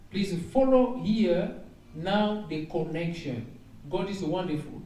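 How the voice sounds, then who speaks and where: A man's voice: high-pitched, animated, a little slow, mellow, faint music behind. A man preaching as an evangelist, reading out dreams and interpreting them, with frequent exclamations and repeated phrases. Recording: echoey room heard from a distance.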